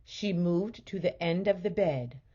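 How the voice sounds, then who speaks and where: A woman teacher reading a children's storybook aloud in a gentle, expressive way. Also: on the low side, a little slow, husky, dull audio.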